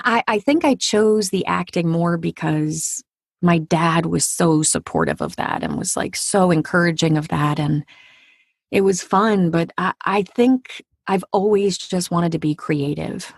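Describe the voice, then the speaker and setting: A woman in her forties tells a personal story as an interview guest, her delivery vivid and dramatic, sinking to a near-whisper at the tense parts. Her voice sits a little low and has a husky grain. The sound is close and dry, with no room around it. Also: dry recording. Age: 40s. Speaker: audiobook narrator and actor, guest.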